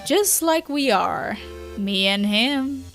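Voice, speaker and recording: A mellow but unhinged teenage troll boy from a webcomic drawls lazily through his lines, voiced by a woman. The voice sits fairly high, and there is faint music underneath. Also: expressive, takes it slowly, full character voice. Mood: drawling.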